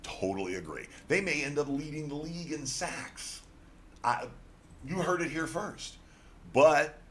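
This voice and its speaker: A man's voice: fairly low pitch, a bit bright, a little hiss or hum. A man co-hosting a sports radio show, blunt and teasing as he argues over football picks. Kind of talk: casual sports betting talk.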